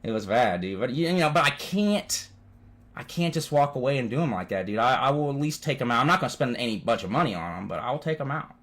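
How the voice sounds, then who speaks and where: Animated, foul-mouthed man telling stories. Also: medium pitch, quick pace. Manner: animated, swears constantly, says "dude" often. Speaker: vlogger. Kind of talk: profane casual storytelling. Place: at home.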